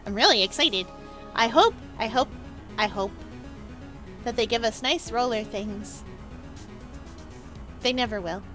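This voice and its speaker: A woman's voice: a little high, a little slow, pauses often, bright, forceful tone, soft background music. A woman streamer chatting playfully and bubbly to her audience, with exaggerated outbursts. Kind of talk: casual live-stream chat.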